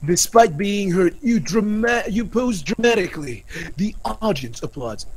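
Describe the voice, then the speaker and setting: A man's voice: sits high, expressive, unhurried. A man playing a video game with friends on a video call, swearing a lot and reading the game's text aloud with drama. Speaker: player. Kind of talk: casual gaming commentary.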